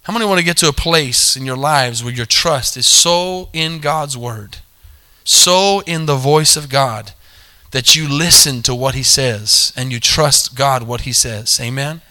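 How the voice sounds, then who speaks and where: A man's voice: medium pitch, a little slow, pushed and bright. A man preaching a sermon, calling for amens, repeating his points and correcting himself mid-sentence. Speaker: pastor.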